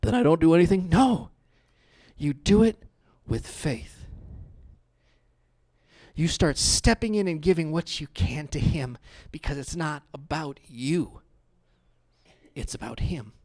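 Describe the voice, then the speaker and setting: A man's voice: a little high, slow pace, pauses often. A middle-aged male pastor preaching a sermon in a conversational, playful way. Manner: conversational, lively and playful with the congregation.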